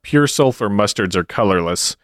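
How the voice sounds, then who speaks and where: Deep-voiced man with deadpan quips. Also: moderate pace, dry recording, studio quality. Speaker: podcast co-host. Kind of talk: casual chat with scripted intro.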